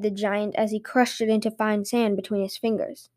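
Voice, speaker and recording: A woman host reading fairy tales aloud in lively storytelling narration. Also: mid-range voice, moderate pace.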